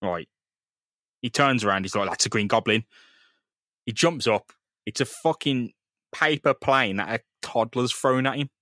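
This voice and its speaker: On a podcast, a male co-host recaps a comic in loose, sweary banter, acting out the characters' lines. His medium-pitched voice sounds pushed and bright at a moderate pace, recorded dry with studio quality.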